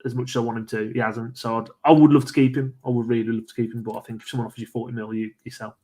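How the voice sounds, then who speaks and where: A man co-hosting a fan stream, talking through tactics at length. His pitch barely moves, flat and level. He keeps checking for agreement with tag questions as he goes. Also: very fast. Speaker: co-host. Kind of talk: casual live stream chat.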